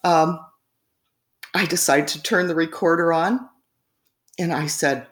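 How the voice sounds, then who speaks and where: Guest woman with a deep voice, rambling and chatty, recorded in an echoey room. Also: steady tone, a little slow, pauses often. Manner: rambling, frequent fillers and laughs. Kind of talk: casual storytelling in conversation.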